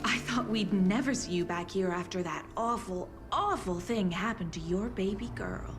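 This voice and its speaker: A woman's voice: medium pitch, normal speed, over music, close to an everyday voice. A woman voicing an effusive, overfamiliar small-town woman in a video game. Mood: gushing. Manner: gushing, effusive. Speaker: excitable local woman greeting an old acquaintance.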